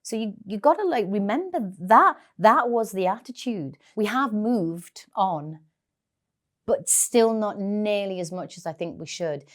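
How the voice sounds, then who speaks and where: A woman's voice: medium pitch, animated, a little slow. A middle-aged woman with a Geordie accent, a guest chatting candidly in an interview and telling stories full of "like" fillers. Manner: chatty storytelling, many "like" fillers. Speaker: guest actress.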